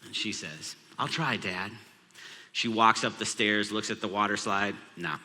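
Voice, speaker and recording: Speaking at normal speed with a sharp tone, a man in his thirties with a voice on the low side recounts a funny family story from the pulpit. He's a pastor in a large church auditorium, captured with long hall reverb.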